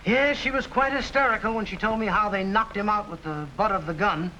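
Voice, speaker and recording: An actor playing a grave, formal city official in an early TV crime drama. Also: male voice, high-pitched, pushed and bright, a little hiss or hum, rough recording. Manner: formal, measured. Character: earnest city official, adult man, grave.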